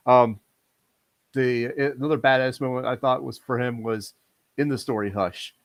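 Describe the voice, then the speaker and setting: A man's voice: medium pitch, steady tone, normal speed, dry recording. Stammering man in casual podcast chat. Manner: stammering restarts, laughs between points. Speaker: podcast panelist.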